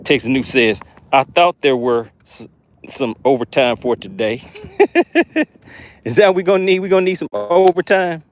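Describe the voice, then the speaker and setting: A young man hosting a live fishing stream from a boat outdoors, talking excitedly to viewers and joking with made-up words. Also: medium pitch, normal speed. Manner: animated, hypes viewers, playful made-up words. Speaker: fishing channel host.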